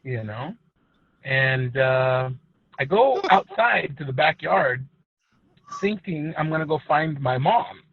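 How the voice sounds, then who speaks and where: A man co-hosting a casual podcast, an animated storyteller who swears a lot and plays up emotion. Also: a little high, slow pace, gravelly, husky, dry recording, phone-quality sound. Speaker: podcast co-host. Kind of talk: casual chat.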